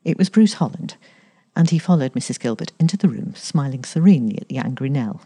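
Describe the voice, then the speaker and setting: Brief: female story reader, low pitch, animated lively intonation. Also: a little fast, husky. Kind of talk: reading a story aloud.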